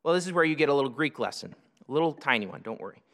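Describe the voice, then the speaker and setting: A man preaching a sermon, explaining scripture in a teaching manner, slowing down for emphasis and often restarting phrases. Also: mid-range voice, animated, vocal fry, fairly bright tone, in a large hall. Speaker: pastor.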